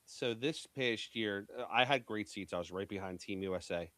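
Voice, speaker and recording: A man's voice: fairly low pitch, normal speed, a bit bright. Brash, profane man from Philly. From Philadelphia. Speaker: pool media executive, guest. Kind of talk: casual podcast chat.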